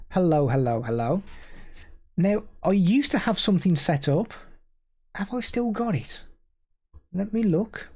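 A man's voice: a little high, warm tone, slightly rough. A male streamer chatting casually during a live stream, showing gear and answering viewers, laughing easily.

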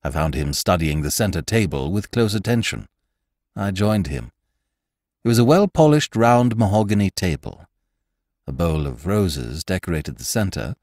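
Deep, expressive male storyteller. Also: no room sound, studio quality. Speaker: audiobook narrator and podcast host. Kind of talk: dramatic audiobook narration.

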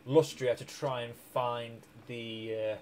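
A man's voice: medium pitch, fairly even intonation, slow pace, darkish tone, slight background noise. A man streaming a strategy game, rambling through his moves with restarts and small chuckles while tired and hiccuping. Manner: rambling, self-correcting, chuckling. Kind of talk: casual gameplay commentary.

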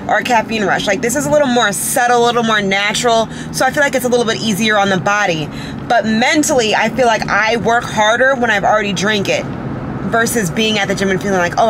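Over some background noise, a young woman with a medium-pitched voice talks to her viewers on a handheld camera. Her vlog chat is casual, chatty, and upbeat with quick asides, following her from home to the car and a store.

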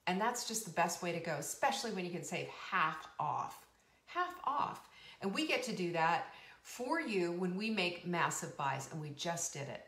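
Her voice sits on the low side, a bit bright, with lively intonation and a moderate pace. She's a woman in her fifties hosting a live cooking and wellness show, chatting casually and bubbling along with frequent laughs and emphatic repeats, all in a roomy echo.

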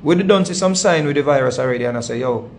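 A man's voice: medium pitch, fast talker, gravelly, slight background noise. A man with a Jamaican accent, hosting his channel and telling a long story in a rambling, repetitive way with heavy patois phrasing. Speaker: channel host. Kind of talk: casual storytelling monologue.

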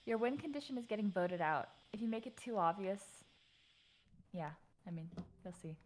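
A woman's voice: medium pitch, lively intonation, normal speed, low-quality recording. A woman gamer casually explaining the rules of a game in an offhand way. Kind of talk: casual gaming chat.

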